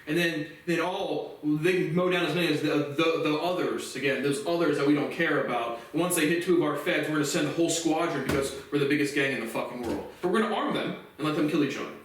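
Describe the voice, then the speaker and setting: A man's voice: a little high, quick pace, hardly any pauses, slight background noise. Ranting man in an echoey room. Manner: profane, aggrieved ranting with many restarts. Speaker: host of a solo commentary series. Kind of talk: casual rambling monologue. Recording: very echoey room, voice from a distance off the mic.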